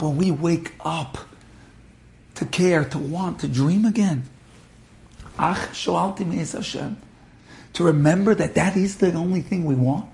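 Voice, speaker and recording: Man, high-pitched, sermon storytelling, dramatic, hushed to impassioned. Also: gravelly. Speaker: religious teacher.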